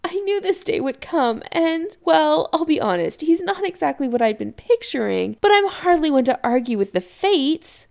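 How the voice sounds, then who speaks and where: A woman voicing a bubbly, meddling middle-aged sorceress mother who gushes in a high, sing-song way. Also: big pitch swings, moderate pace, creaky, few pauses, heavily acted. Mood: gushing. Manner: gushing, sing-song, cheerful.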